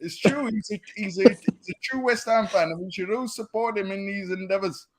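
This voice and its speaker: A man's voice: sits high, brisk, no echo. A man guest on a football chat stream, talking in a jokey, mock-earnest way. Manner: mock-earnest, jokey, switching put-on voices.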